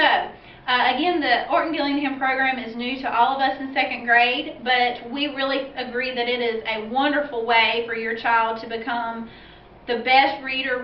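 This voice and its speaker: A woman teaching second grade, explaining reading rules to parents slowly and clearly. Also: fairly high pitch. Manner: slow, clear explaining with spelled-out letters. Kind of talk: instructional video for parents. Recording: roomy, distant, dull lo-fi sound with faint hiss.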